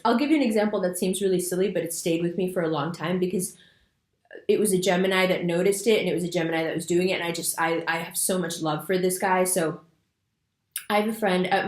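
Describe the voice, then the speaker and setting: A woman's voice: fairly low pitch, quick pace. A woman talks loosely and casually, slipping into little acted-out quotes as she tells a story. Her delivery is fidgety and full of fillers. The room around her adds a noticeable echo. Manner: animated storytelling with voiced quotes. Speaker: astrology video host. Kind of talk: casual spoken monologue.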